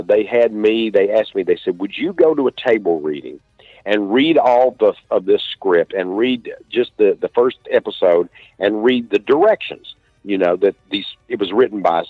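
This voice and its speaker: A man with an East Texas accent, an author being interviewed, telling stories in a relaxed drawl with many restarts. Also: on the low side, moderate pace, dry recording, faint music behind. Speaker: author guest. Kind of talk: casual interview talk. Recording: dull lo-fi dry stream audio.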